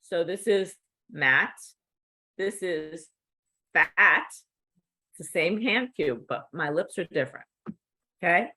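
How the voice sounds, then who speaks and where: Middle-aged woman teaching slowly and patiently, a bit low pitched, keeps asking okay?. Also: lively intonation, pushed and bright, a little hiss or hum. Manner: slow, patient, checks in with "okay?". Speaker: cued speech instructor. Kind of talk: instructional demonstration.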